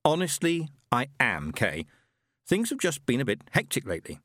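A man's voice: mid-range voice, huge pitch swings, normal speed, a bit bright, no echo, clean studio sound, pitched above the performer's own voice. A man voicing an earnest, somewhat awkward young man who speaks hesitantly and with mild bemusement.

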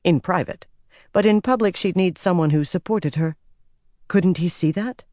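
An audiobook narrator reading a fantasy novel in a steady, even storytelling manner. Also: medium pitch, normal speed, dry recording, studio quality.

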